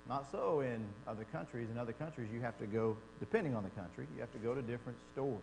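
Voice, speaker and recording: A man teaching a Bible class in a conversational, animated way, acting out quotes as he explains. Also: medium pitch, quick pace, creaky. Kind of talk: church class lecture. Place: church classroom. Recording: long reverb in a church hall, faint hum.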